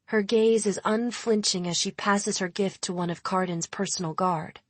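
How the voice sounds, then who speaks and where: A woman narrating a first-person dark fantasy audiobook in a measured, deliberate way. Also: mid-range voice, fairly even intonation, dry recording.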